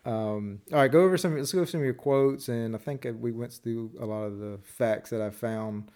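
A man's voice: mid-range voice, fairly quick, darkish tone, clean tone. A man co-hosting a podcast in casual chat, rambling and restarting his sentences. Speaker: podcast co-host.

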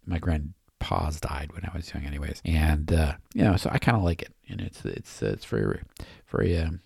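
A man's voice: extremely low pitch, animated, normal speed, vocal fry, a little mellow, husky, dry recording, studio quality. A man hosting a podcast, rambling through casual, joking commentary with lots of fillers and frequent laughs. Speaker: podcast host.

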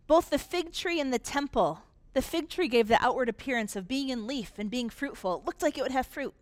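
Woman pastor, sermon, conversational preaching, emphatic pauses, fairly high voice, dry sound. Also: animated, dry recording.

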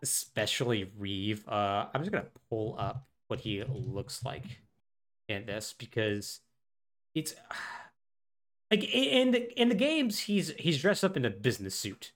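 A man co-hosting a podcast, recapping a game with animated, sarcastic storytelling. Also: medium pitch, a little slow. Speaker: podcast co-host.

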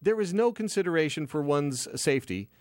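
A man hosting a casual radio talk show, bantering with co-hosts in a lively, playful way from a studio microphone. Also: on the high side, a little fast, no room sound. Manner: lively, animated delivery with playful asides. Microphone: close studio microphone.

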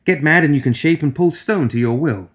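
A man's voice: brisk, a bit bright, close to an everyday voice. A man reading a storybook, voicing a chatty, nervous young woman writer with a mouse-like voice. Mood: nervous, eager. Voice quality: mouse-like, high voice. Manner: eager, nervous rambling.

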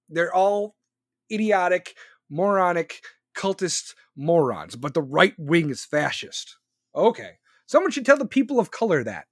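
A man rants about politics with heavy swearing and biting sarcasm. His voice sits high and swings widely in pitch. The recording is close and dry. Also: a bit bright, no echo. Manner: profane, sarcastic, ranting. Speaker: podcast host. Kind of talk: political rant.

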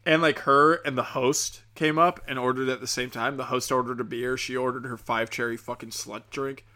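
A young man who has had a few drinks rambles through a crude, profane comic rant. His voice is bright and sharp, and his talk is full of fillers and restarts. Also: medium pitch, fairly even intonation, normal speed. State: tipsy from drinking. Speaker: comedian and podcast host.

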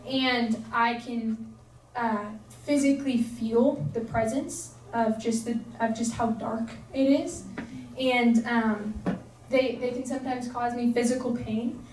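Young woman preaching, super chatty and earnest, lots of "like", high voice, roomy echo. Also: steady tone, slow, darkish tone, a little hiss or hum. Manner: earnest, chatty, filler-heavy "like". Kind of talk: casual sermon. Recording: echoey room, voice from far off.

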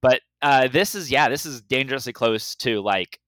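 A man talking casually on a podcast, rambling through his sentences with lots of restarts. His voice is smooth and resonant. The recording is close and dry. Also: medium pitch, moderate pace, a bit bright, no room sound. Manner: rambling, many fillers and restarts. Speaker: podcast co-host. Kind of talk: casual chat.

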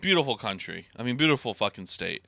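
A man's voice: medium pitch, fast talker, gravelly, dry recording. A young man from Idaho chatting casually on a podcast, ranting with lots of swearing. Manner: profane, ranting, animated. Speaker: podcast co-host. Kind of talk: casual chat.

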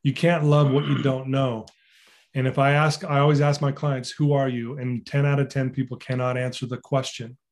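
A man's voice: medium pitch, little pitch movement, moderate pace. A man speaking as a mental fitness coach and podcast guest, earnest and repeating phrases for emphasis.

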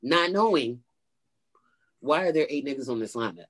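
A woman comedian being interviewed, telling a story in an animated way and acting out quoted voices with big pitch jumps. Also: quick pace. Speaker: stand-up comedian, guest.

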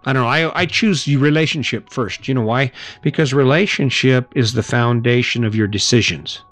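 A man's voice: mid-range voice, moderate pace, fairly bright tone. Podcast host, man, middle-aged, mid-range voice, chatty motivational monologue, faint music behind. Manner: casual, chatty, laughs and acts out little scenes.

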